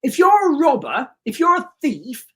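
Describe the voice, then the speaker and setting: A man's voice: very high-pitched, sing-song, normal speed, a bit bright. A man hosting a livestream, ranting emphatically, repeating himself and putting questions to his viewers. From United Kingdom. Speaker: livestream host.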